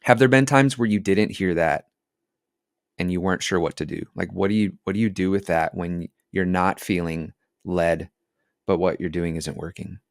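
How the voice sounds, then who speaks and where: A man's voice: low voice, moderate pace, dry recording, studio quality. A man hosting an interview, asking thoughtful, searching questions. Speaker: podcast host.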